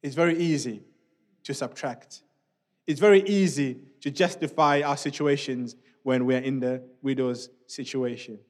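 A man preaching a sermon in a church, speaking in an animated, conversational way with many asides to the congregation. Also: medium pitch, unhurried. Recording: long reverb of a church hall.

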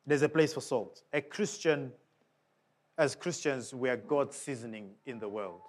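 A man preaching a sermon in an emphatic way, often putting questions to the congregation. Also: unhurried. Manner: emphatic, with big swings of pitch and volume.

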